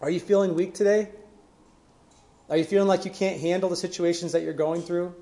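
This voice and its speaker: Male pastor, sermon, earnest, high voice, emphatic questions. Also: level tone, fairly quick, mellow.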